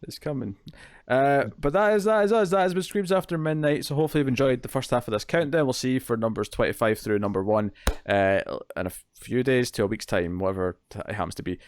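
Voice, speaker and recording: A man's voice: medium pitch, fast talker, clear, resonant tone, dry recording, clean studio sound. A man hosting a horror movie podcast, chatting casually with a lot of fillers and jokes. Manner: rambling, filler-heavy, jokey. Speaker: podcast host.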